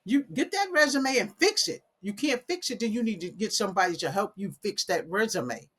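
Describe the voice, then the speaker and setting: A woman's voice: mid-range voice, animated, fairly quick, a bit bright, husky. A woman, talking casually and animatedly to her viewers on a live stream from home, calling them y'all. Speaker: coding academy owner.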